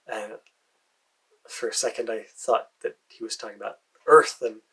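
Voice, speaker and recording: Husky American man telling a story. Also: on the low side, moderate pace, poor audio. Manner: hesitant, with fillers and soft muttered asides. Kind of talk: first-person fantasy storytelling.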